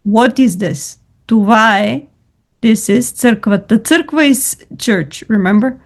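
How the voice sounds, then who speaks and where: Slow, encouraging woman language tutor. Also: fairly high pitch. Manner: encouraging, patient, switches between languages. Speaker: language teacher. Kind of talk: online tutoring lesson. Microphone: video call.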